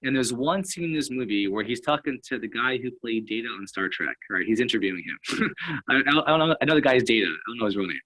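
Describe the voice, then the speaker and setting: A man's voice: medium pitch, expressive, quick pace, sharp tone, husky, rough recording. A man talking as a sales and motivational speaker in casual coaching talk, rambling and full of fillers and tag questions.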